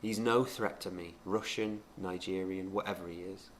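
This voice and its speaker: A man's voice: deep voice, steady tone, normal speed, a little hiss or hum. A man co-hosting a podcast in casual chat, boastful and defiant in his banter. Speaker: podcast co-host.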